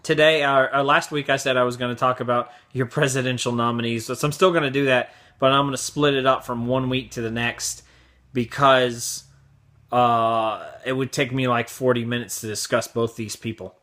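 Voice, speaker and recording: A man's voice: mid-range voice, steady tone, moderate pace, sharp tone. A man hosting his own video blog, giving a profane, sarcastic opinion rant in a casual way. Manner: profane, sarcastic, mocks others in raised voices. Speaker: vlog host.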